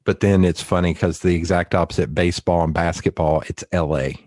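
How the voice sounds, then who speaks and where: A low-voiced man chats as a podcast host, quick to joke and laugh as he acts out his stories. The sound is close and dry, with no room around it. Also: steady tone, darkish tone, dry recording. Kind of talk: casual interview chat. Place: his home.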